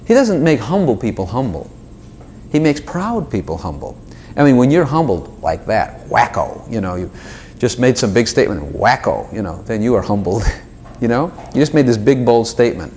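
Man giving a casual sermon, lively up-and-down delivery, keeps asking the group questions. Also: medium pitch, normal speed, slight background noise. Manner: animated, talks directly to listeners with frequent asides and acted dialogues. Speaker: preacher. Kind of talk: informal sermon to a small group.

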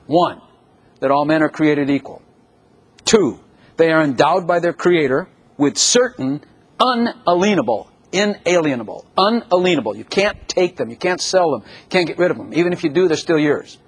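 Older man, sermon, husky voice, fairly high pitch, animated storytelling. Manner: animated storytelling, acts out scenes. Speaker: preacher.

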